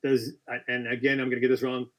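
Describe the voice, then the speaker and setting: A man's voice: medium pitch, level tone, quick pace, a bit bright. Chatty man hosting a live quiz. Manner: chatty, self-correcting, apologetic asides. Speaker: quiz host. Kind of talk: live-stream quiz chat.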